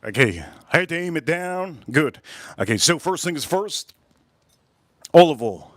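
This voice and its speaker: A man's voice: on the high side, big pitch swings, measured pace, a bit bright, no room sound. A middle-aged man hosting a live cooking stream, chatting loosely, swearing and repeating himself as he tells a story. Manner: rambling, profane, repeats himself. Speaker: cooking livestream host.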